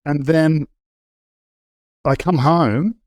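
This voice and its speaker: In a very slow, fairly high-pitched voice with no echo, a middle-aged Australian man shares a personal story candidly as an interview guest. His delivery is conversational, full of fillers and frequent restarts.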